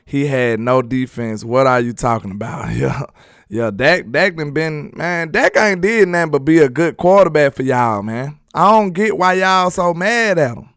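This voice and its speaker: A man's voice: fairly high pitch, moderate pace, fairly bright tone, no echo, studio quality. A man hosting a casual sports live stream, reading viewer comments aloud in a loose, slangy, repetitive way and laughing often.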